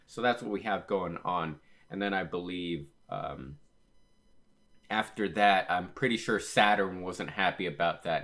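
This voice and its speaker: Low-voiced man rambling through a comic recap. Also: a bit bright. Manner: rambling, retells scenes with "he was all like"; frequent fillers and self-corrections. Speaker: manga reaction channel host. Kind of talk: casual reaction and read-aloud commentary.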